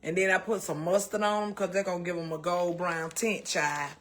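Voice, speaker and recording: A woman's voice: lowish voice, fairly even intonation, a little fast. A Southern American woman hosting a casual cooking livestream, chatting folksily with her viewers and calling them baby and child.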